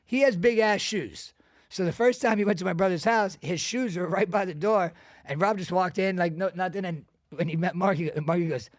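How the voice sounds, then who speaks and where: A man hosting a podcast, telling stories in casual chat, profane and animated. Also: sits high, fairly quick, no room sound, studio quality. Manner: profane, animated storyteller with bursts of loud laughter. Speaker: podcast host.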